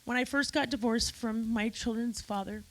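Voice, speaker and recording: A woman's voice: a little high, steady tone, normal speed, poor audio. A woman giving an emotional, effusive eulogy at a memorial gathering, speaking straight to friends in the room.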